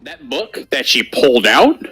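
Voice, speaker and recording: A man's voice: mid-range voice, a little slow, breathy edge. A young man co-hosting a casual gaming video, telling a childhood story with lots of swearing. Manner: profane, animated storytelling. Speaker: co-host.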